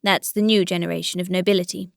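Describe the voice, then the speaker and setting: A woman reading the lines of an old grey-whiskered country landowner, speaking in a measured, reflective and mildly complaining way, in a dry recording. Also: on the low side, little pitch movement, vocal fry, dry recording.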